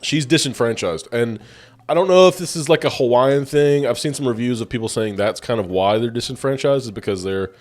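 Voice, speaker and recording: A man's voice: mid-range voice, brisk. A man co-hosting a casual film review podcast, rambling with lots of "like" and casual swearing. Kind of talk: casual chat.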